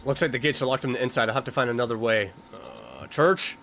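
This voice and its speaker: A man's voice: mid-range voice, very animated, quick pace, creaky, fairly bright tone, slight background noise. A man playing a horror video game and commenting as he goes, talking to the characters and yelping when startled. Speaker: let's-play host.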